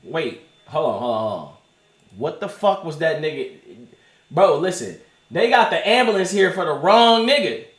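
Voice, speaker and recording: A man streaming and reacting to clips in casual, profane, animated chat, often laughing. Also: fairly high pitch, moderate pace, reverberant, slight background noise.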